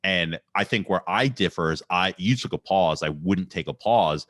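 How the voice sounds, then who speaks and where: A man's voice: low voice, normal speed, a bit bright, no echo, studio quality. A man hosting a podcast, chatting casually in long, rambling sentences. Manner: rambling, loose phrasing. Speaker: podcast host. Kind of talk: casual chat.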